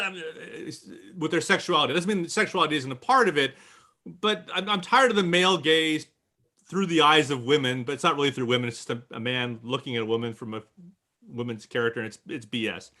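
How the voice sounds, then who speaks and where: A man's voice: a little high, sharp tone. A man talking animatedly on a remote author panel, joking and mock-indignant. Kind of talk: casual panel chat.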